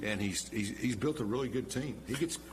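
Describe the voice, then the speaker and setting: Middle aged guy hosting a local tv interview, middle pitch, faint hum. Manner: conversational, halting, with restarts. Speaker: TV show host. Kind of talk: interview talk.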